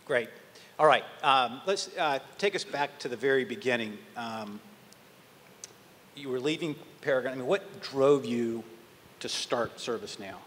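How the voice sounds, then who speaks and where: A man moderating a panel, asking relaxed questions with plenty of hesitant fillers. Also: medium pitch, unhurried. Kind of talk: interview questions. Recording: long hall reverb, faint noise.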